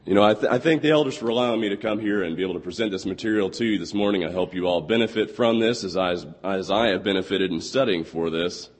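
Young male preacher with a hoarse, lost voice; earnest, slow on scripture, in a reverberant hall. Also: low voice. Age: 20s. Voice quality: husky. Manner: earnest, quotes scripture slowly and deliberately. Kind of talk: sermon.

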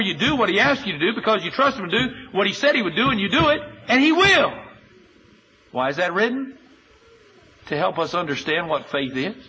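A man preaching a sermon, earnest and emphatic, moving between loud urging and quiet appeal and citing chapter and verse in steady lists. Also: sits high, a little hiss or hum, poor audio.

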